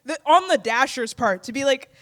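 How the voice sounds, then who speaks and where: A giggly man chats casually as a guest, his voice sitting high. His intonation leaps around with animation as he gleefully quotes lines. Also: expressive, moderate pace, a bit bright. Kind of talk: casual chat.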